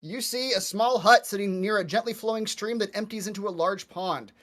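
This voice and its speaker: Upbeat high-voiced dungeon master. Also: male voice, a little fast. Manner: relaxed, laughing, chatty. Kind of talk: narrating a tabletop game.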